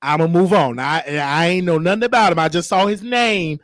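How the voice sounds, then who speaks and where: High-voiced chicago guy ranting on his show, dry close mic, super animated. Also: a little fast, no echo. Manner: animated, shifts into high shrieking voices for quotes. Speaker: show host. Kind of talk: casual commentary monologue.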